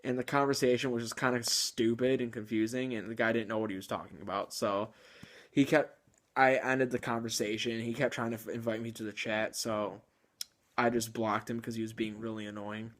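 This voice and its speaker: A man's voice: mid-range voice, flat delivery, brisk. A man talks through his gaming stories in a loose, rambling way. He fills his sentences with filler words, restarts often and chuckles between points. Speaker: gaming channel host. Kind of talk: casual video game commentary.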